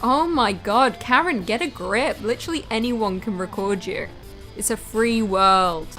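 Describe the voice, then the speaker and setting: A woman's voice: fairly high pitch, a little slow, pushed and bright, faint music behind. Amused woman reacting to clips. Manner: amused, chatty and blunt. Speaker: reaction video host. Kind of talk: casual reaction commentary.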